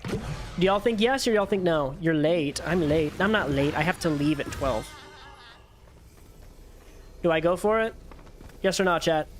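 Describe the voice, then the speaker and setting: A young man live-streaming a video game, chatting casually with his viewers, swearing and yelling excitedly when things get tense. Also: on the high side, a little slow, pauses often, slight background noise.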